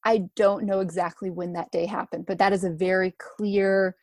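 A young woman in her twenties, a guest in a casual interview, talking in a relaxed, chatty way with many fillers. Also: medium pitch, normal speed, dry recording, studio quality. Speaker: guest, runner and food blogger.

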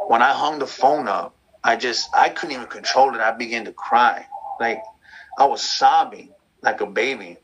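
Bright-voiced man, reflective and candid. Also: medium pitch, normal speed, a little hiss or hum, rough recording. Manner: reflective, loose and conversational, many fillers. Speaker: guest sharing his story. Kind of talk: candid personal conversation.

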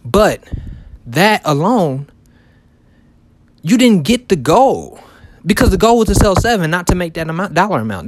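A man's voice: high voice, very animated, normal speed, pauses often, slight background noise. A man in his thirties talking casually to his viewers in a loose, repetitive way, full of fillers and restarts. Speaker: vlogger and shoe reseller. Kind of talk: casual motivational talk to camera.

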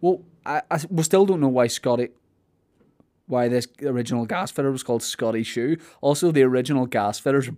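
A man's voice: medium pitch, fairly quick, a little mellow. A man with a Belfast accent chatting casually on a podcast, rambling and joking and acting out silly voices. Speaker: podcast host. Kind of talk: casual comedic chat.

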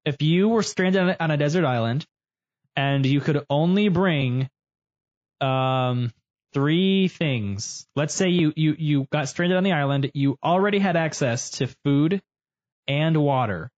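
A man's voice: a little high, darkish tone. Joking young man hosting on a lo-fi mic. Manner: joking, drawn-out mock-serious asides. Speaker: podcast host. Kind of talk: casual chat.

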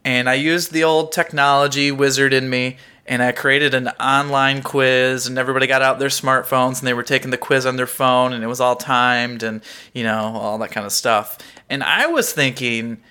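A man's voice: mid-range voice, fairly even intonation, normal speed, sharp tone, clean tone. A man co-hosting a podcast, chatting casually and reading out a quiz with lots of laughter. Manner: playful, laughs often. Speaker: podcast co-host. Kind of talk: casual chat, quizmaster.

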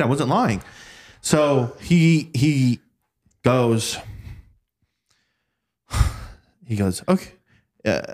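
Low-voiced man telling a story. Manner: animated, acts out quoted voices. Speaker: podcast guest recounting work stories. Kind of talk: casual storytelling chat.

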